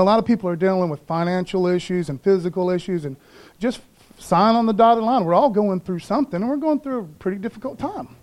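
High-voiced casual preaching man. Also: darkish tone. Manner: conversational, slangy, calls for responses. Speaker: pastor. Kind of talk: sermon.

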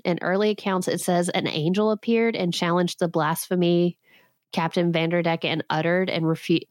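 Recorded dry in studio quality, this podcast host in her thirties speaks at a fairly low pitch. She recounts a legend while tossing in sarcastic jokes and laughing frequently.

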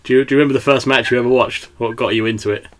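A man's voice: mid-range voice, fairly even intonation, rapid-fire. A young man hosting a podcast, chatting casually in a rambling way with lots of fillers and laughter. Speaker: podcast host. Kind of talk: casual chat.

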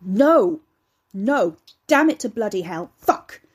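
A woman's voice: lowish voice, moderate pace, warm tone, husky. A woman voicing a snarling, furious young man.

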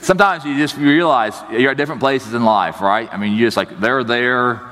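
A pastor in his thirties preaches in a chatty, animated storytelling style, acting out the people in his stories. His medium-pitched voice moves fairly quickly and carries a big-room sound.

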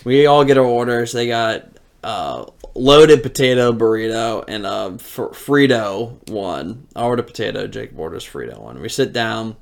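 A man's voice: fairly low pitch, normal speed, creaky. A young man, a podcast co-host, telling a funny story in casual chat and laughing as he goes. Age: young adult. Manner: animated, laughs through his own story.

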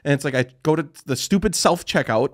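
Young male podcast co-host, salty ranter, slightly higher voice. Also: lively intonation, a little fast. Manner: ranting, profane, laughing at himself. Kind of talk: casual chat.

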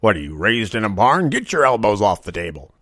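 A man's voice: on the low side, very animated, a little fast, fairly bright tone, dry recording, clean studio sound. A man voicing his stern father scolding children at the dinner table.

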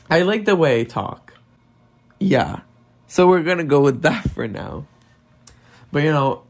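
A young man with a non-native English accent, hosting a podcast in a candid, self-deprecating solo monologue and swearing often. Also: medium pitch. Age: young adult. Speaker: podcast host.

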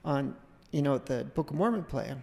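A middle-aged man, a podcast guest, telling a long casual anecdote in a rambling, animated way, often breaking off and restarting. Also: medium pitch, moderate pace, creaky, in a large hall. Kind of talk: casual storytelling.

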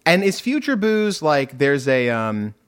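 A man from Houston rambles through a casual podcast chat, his pitch swinging up and down as he talks. He swears freely and breaks into laughter often. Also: sing-song, a little slow, fairly bright tone, clear, resonant tone. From Houston, Texas. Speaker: podcast co-host.

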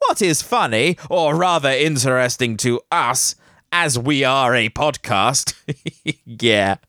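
Jokey male podcast host, lively pitch. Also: takes it slowly, no echo, clean studio sound. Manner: jokey, laughs at himself, rambling asides. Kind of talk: reading news with chatty asides.

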